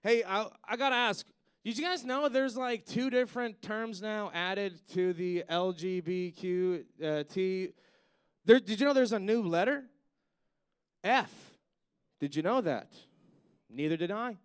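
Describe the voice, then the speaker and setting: A man's voice: high voice, unhurried, clear, resonant tone. A man doing a stand-up comedy set on stage, rambling and swearing, with lots of "like" and "you know.".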